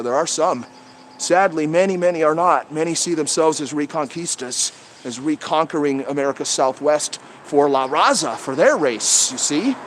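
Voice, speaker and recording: A man's voice: high voice, slight background noise. A man hosting a livestream outdoors among trees, talking through a head-mounted camera in a profane, heated, rambling rant. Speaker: livestream host.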